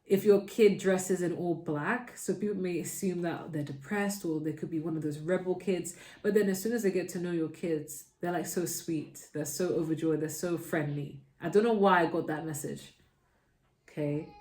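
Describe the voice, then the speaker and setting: A woman's voice: fairly low pitch, moderate pace, darkish tone, echoey room. A woman from the UK giving a casual tarot reading, chatty and reassuring, often ending phrases with "okay?". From United Kingdom. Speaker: tarot reader.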